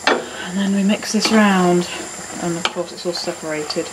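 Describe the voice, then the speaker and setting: A cooking video host with a fairly low voice speaks in a steady tone at a measured pace. She runs a casual demonstration in her home kitchen, chatting with self-deprecating jokes, while clattering pans, cutlery, pots and kitchen ambience fill the noisy recording.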